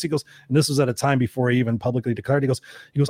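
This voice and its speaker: A middle-aged man hosting a show, telling stories in casual chat, animated and swearing freely as he acts out quotes. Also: mid-range voice, very fast, creaky, dry recording. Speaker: podcast host.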